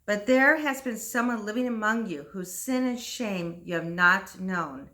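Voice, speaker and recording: A woman's voice: medium pitch, measured pace, bright, forceful tone. A woman voicing an impassioned dying young priest. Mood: fervent confession. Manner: impassioned, solemn declaiming. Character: dying young male priest, anguished and fervent.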